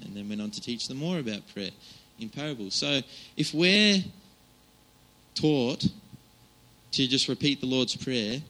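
Bright-voiced man preaching casually. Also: mid-range voice, lively intonation, a little slow, rough recording. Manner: casual and chatty, many fillers and restarts. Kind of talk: informal sermon.

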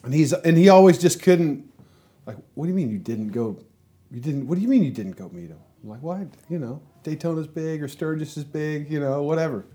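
A laid-back man hosting a podcast, talking in a loose, slangy way and swearing freely. His voice is mellow and relaxed. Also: a little high, brisk, slightly rough. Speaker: podcast host. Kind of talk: casual chat.

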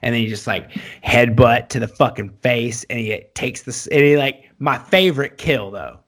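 A man co-hosting a casual movie chat, excitable and profane, his voice jumping up when he gets worked up. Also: moderate pace. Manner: excitable, swears a lot, voice jumps high when excited. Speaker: podcast co-host.

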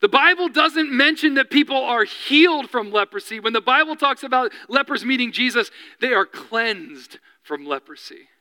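A man's voice: very high voice, lively intonation, normal speed, hardly any pauses, bright, forceful tone, in a large hall. A man preaching a sermon as pastor, earnest and building to impassioned appeals.

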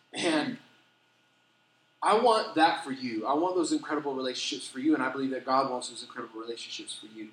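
A middle-aged man preaching a sermon as a pastor, telling stories with animated, self-deprecating humor. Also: mid-range voice. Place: church sanctuary. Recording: echoey church hall.

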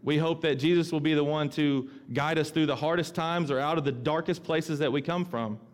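A man's voice: fairly high pitch, steady tone, brisk. A middle-aged male pastor preaching a sermon in a conversational way, often repeating himself and acting out the voices he quotes.

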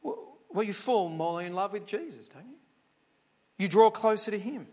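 A man's voice: high-pitched, expressive, moderate pace, darkish tone. A man preaching a sermon in a conversational storytelling way, full of rhetorical questions. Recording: long hall reverb.

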